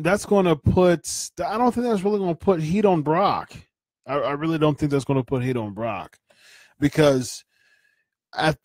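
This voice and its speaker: A man's voice: on the high side, dry recording, studio quality. A man hosting a wrestling podcast, giving casual opinion commentary in an opinionated way, often repeating and restarting his phrases.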